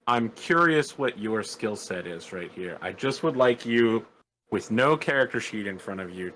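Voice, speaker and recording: A man's voice: lowish voice, fairly bright tone, a little hiss or hum, low-quality recording. A man voicing a blunt, businesslike male adventurer in a tabletop game, asking straightforward questions.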